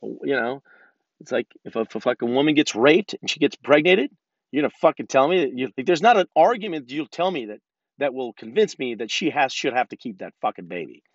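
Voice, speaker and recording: A man's voice: mid-range voice, expressive, fairly quick, dry recording. A man in his thirties ranting casually and profanely, rambling with many restarts, in a car. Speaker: vlogger. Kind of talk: casual rant. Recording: dull lo-fi sound.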